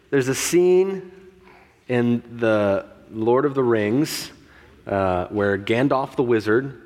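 A man delivers a sermon in an easygoing, conversational way, joking with the congregation and stumbling over restarts and filler words. His voice sits at a middling pitch. A long reverb from the large hall trails each phrase. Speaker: pastor.

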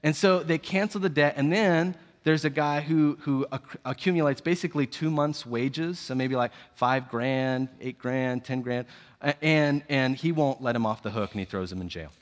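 A man preaching a sermon, telling the story in a playful, animated way with jokes. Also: mid-range voice, normal speed, big-room sound.

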